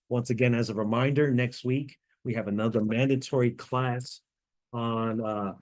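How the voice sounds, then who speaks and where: A man's voice: mid-range voice, darkish tone. Man teaching an online tax class. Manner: apologetic, explains step by step with fillers. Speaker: tax training instructor.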